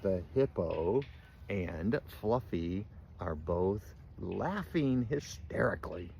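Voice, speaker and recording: An older man with a fairly low voice reads a picture book aloud to his grandchildren. He stops often to ask them gentle questions, and a faint hum of the room sits behind him. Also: animated, slow pace, gravelly. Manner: gentle, asks children questions.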